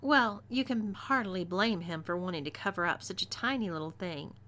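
A woman's voice: on the low side, normal speed, sharp tone. A woman with a Texas accent voicing a sly, commanding frontier woman who taunts her captive. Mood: taunting. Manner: taunting, teasing.

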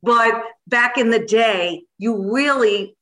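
A woman's voice: on the high side, slow pace, a bit bright, poor audio. A woman co-hosting a podcast, chatting enthusiastically about her work rinkside. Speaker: podcast co-host, rinkside reporter. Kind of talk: casual chat.

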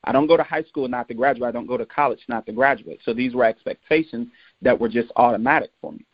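A man's voice: mid-range voice, fast, slightly rough, no echo. A man who played college football tells personal stories in a motivational talk, acting out the voices of the people he quotes. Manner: animated, acts out quoted voices. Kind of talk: storytelling talk. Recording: dull lo-fi dry recording.

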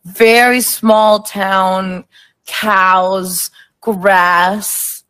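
A woman's voice: mid-range voice, steady tone, extremely slow, fairly bright tone, clean tone, dry recording. A young woman from Germany, a guest singer on a radio show, talking in a giggly, easygoing way full of fillers. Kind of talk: casual radio interview.

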